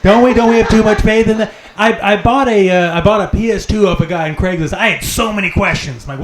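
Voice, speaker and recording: Brief: man, stand-up comic, wry and quick, roomy echo. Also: sits high. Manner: quick, wry, swearing delivery. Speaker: stand-up comedian. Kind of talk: stand-up routine. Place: comedy club stage. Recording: echoey club room with noise.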